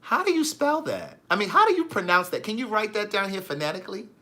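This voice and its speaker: Sassy, lively man chatting on a livestream. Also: high voice, quick pace. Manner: sassy, animated, reads viewer comments aloud. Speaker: vlogger. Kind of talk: live-stream chat.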